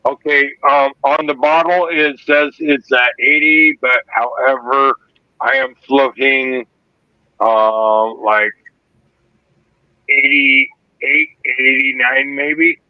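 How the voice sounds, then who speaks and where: A man talking casually on a livestream, halting with fillers as he explains his distilling. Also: mid-range voice, dry recording, highs cut off. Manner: halting, many fillers and restarts.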